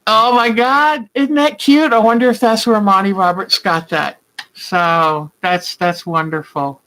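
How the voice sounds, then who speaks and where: An older woman with a mid-range, slightly bright voice speaks a little slowly and with fairly even intonation, in a low-quality recording. She hosts a quilting channel, chatting casually and warmly with viewers in a live session, addressing them by name and often laughing with emotion.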